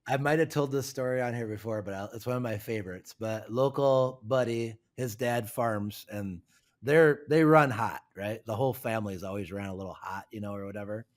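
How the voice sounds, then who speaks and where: A man co-hosting a podcast, telling stories in a lively, casual and profane way. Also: on the low side, normal speed. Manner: animated storyteller, casual and profane. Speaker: podcast co-host.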